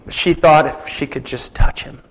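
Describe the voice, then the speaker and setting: High-voiced man preaching conversationally. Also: fairly even intonation, moderate pace, low-quality recording. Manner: conversational preaching with rhetorical questions. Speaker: pastor. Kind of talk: sermon.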